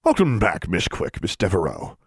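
A jovial old wizard in a talking portrait, as a man puts him on, greets in a genial, courtly way. His voice sits a little higher than a plain read. Told as a storybook. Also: huge pitch swings, normal speed, no echo, studio quality.

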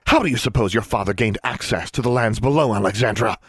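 A man's voice: on the low side, animated, fairly quick, husky, dry recording, studio quality. A male narrator voicing a stern, commanding female wizard inquisitor in a storybook. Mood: furious. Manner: cold, commanding, clipped.

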